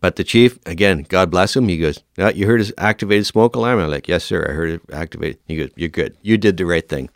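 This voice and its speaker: Man, middle-aged, low voice, dry close sound, animated storyteller. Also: fast, few pauses, no room sound. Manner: animated storyteller, acts out quoted dialogue. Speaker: firefighter guest. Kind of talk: storytelling in an interview.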